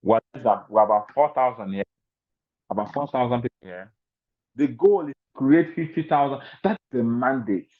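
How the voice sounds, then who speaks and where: A man giving a motivational seminar talk to a large audience, speaking in an emphatic, repetitive, preacher-like cadence. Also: medium pitch. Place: large event venue. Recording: tinny, phone-like sound.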